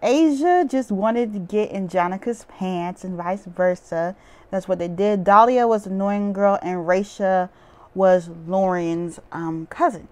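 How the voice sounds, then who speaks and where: A woman's voice: medium pitch, measured pace, a little mellow. A woman talking straight to her audience in a loose, unscripted vlog recap. She rambles from point to point with lots of "um" and "like" filling the gaps. She tosses in blunt, opinionated asides as she goes. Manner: rambling, chatty, with frequent "um" and "like" fillers. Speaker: reality TV recap vlogger. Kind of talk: casual monologue recapping a TV show.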